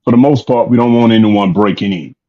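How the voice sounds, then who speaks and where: A man in a casual discussion, laying out his point in a measured way and repeating words as he builds it. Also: fairly low pitch, warm tone, lo-fi sound.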